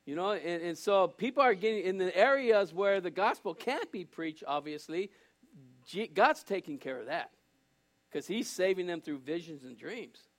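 An older man preaches with a notably high voice. He speaks earnestly and straight to the congregation, circling back and repeating phrases as he builds his point. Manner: earnest, repetitive, restarts phrases, addresses congregation directly. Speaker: pastor. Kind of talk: sermon.

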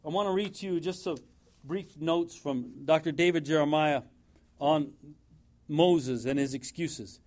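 A man's voice: a little high, measured pace, a little mellow. A man preaching a sermon in a church, emphatic and repeating his points for effect.

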